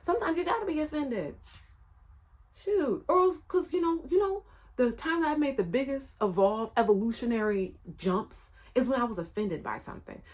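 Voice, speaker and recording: A woman's voice: high voice, animated, moderate pace, a little mellow. A woman running her own channel, telling a personal story in a casual, rambling and emphatic way, often repeating her phrases. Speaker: channel creator.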